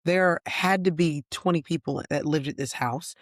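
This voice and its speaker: Woman ex-deputy telling stories, steady and plain, dead dry sound. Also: sits low, moderate pace, dry recording. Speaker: retired sheriff's deputy, podcast host. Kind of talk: casual storytelling chat.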